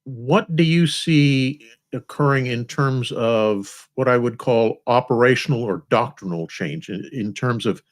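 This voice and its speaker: A man on an online panel asking a question in formal, precise wording. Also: mid-range voice.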